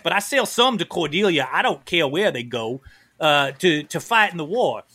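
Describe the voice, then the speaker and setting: Guy doing a drawly folksy arms dealer in a tabletop game, bright and bouncy. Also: high-pitched, pitched above the performer's own voice, heavily acted. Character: folksy long-legged male arms-maker.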